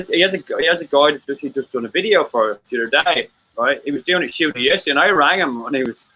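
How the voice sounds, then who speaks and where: A man's voice: mid-range voice, sharp tone, dull audio. Stammering, rambling Irish man. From Ireland. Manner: rambling, stammering, swears freely. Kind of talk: casual chat.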